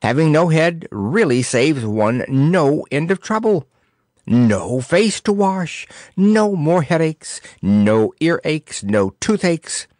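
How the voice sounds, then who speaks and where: A man voicing a gruff, flustered but kindly old male soldier in a storybook, barking commands and puffing. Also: fairly high pitch, very animated, slow, a little mellow, no echo, clean studio sound, pitched above the performer's own voice. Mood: cheerful.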